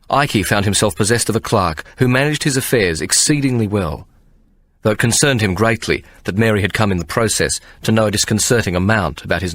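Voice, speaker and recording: A man narrating an audiobook with measured, expressive storytelling. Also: on the low side, no echo. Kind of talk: scripted narration.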